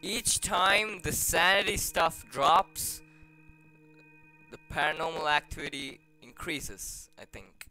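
A man giving jumpy, excitable commentary while playing a horror game, often dropping to hushed, nervous mutters. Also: fairly high pitch, slow, faint music behind, rough recording. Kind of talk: let's play commentary.

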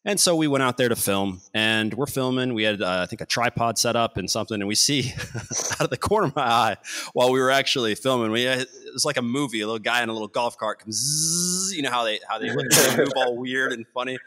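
A man with a crisp, bright tone talks in an easygoing podcast chat. He tells stories in a rambling, animated way and laughs often. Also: medium pitch, fast. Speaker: podcast host. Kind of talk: casual storytelling chat.

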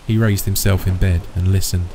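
A man reading a horror story aloud in a slow, measured, ominous manner. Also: low-pitched, level tone, background noise. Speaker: narrator. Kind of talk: scripted horror narration.

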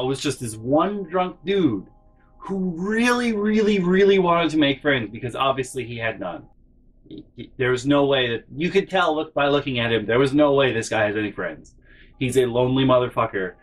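A man telling a funny story in a profane, animated way, acting out the people in it. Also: medium pitch, slightly rough, rough recording. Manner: animated, profane, acts out every character. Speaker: storytelling comedy vlogger. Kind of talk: comedic storytelling.

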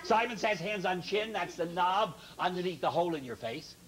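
A man hosting a children's TV show, leading the kids in games with teasing jokes and quick asides. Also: sits high, animated, heavy background noise. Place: TV studio with children.

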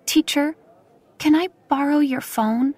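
A woman voicing a tearful little kindergarten girl in an audiobook, soft and at times whispery. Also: sits high, unhurried, no echo, voice pushed up.

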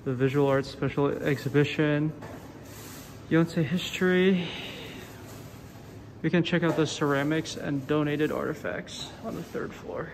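Young man vlogger, slightly high voice, winded, wry commentary, noisy handheld sound. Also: steady tone, unhurried. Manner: chatty, wry asides, exclamations. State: out of breath. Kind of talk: casual vlog commentary while walking. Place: campus buildings and museum, indoors.

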